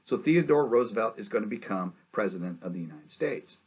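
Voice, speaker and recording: Man, history lecturer, husky voice, muffled lo-fi recording, chatty tone. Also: lowish voice, lively intonation, brisk, darkish tone. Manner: conversational, often ends with "right?"; acts out quotes in changed voices.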